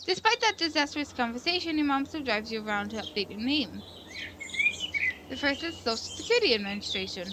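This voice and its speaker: A woman playing through a visual novel, reading its text aloud and stopping to ramble earnestly about it. Her voice sits fairly high and she often corrects herself mid-sentence. A faint hum of noise sits under her voice. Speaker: game streamer. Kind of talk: casual let's-play commentary and narration.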